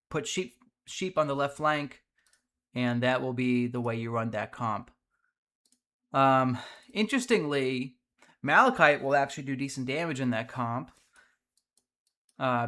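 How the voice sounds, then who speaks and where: A man's voice: mid-range voice, sharp tone. A man hosting a mobile strategy game livestream, chatting casually about team builds and reading out viewer messages with easy fillers. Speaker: livestream host. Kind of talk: casual gameplay commentary.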